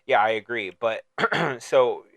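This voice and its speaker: A man's voice: mid-range voice, slow, a bit bright, no room sound. A man co-hosts a casual movie podcast with a mid-range voice. He sounds playful and riffs on lines, often restarting his sentences. The sound is dry and close. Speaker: podcast co-host. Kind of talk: casual movie-discussion chat.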